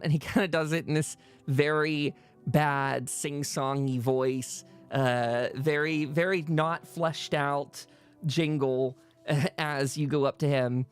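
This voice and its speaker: A man's voice: medium pitch, fairly even intonation, takes it slowly, clean tone, soft background music. A man narrating as game master of a tabletop game, rambling along with frequent fillers.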